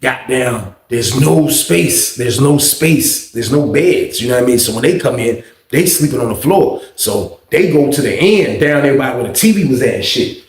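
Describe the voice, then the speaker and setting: A man's voice: medium pitch, expressive, normal speed. A man telling a story from his past in a casual, slangy, profane, rambling way. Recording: echoey room.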